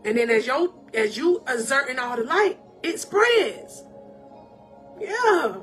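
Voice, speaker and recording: A woman life coach giving an animated, emotional live-stream talk of encouragement. She laughs often and calls out to her viewers in a preacherly way. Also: high-pitched, slow pace, faint music behind.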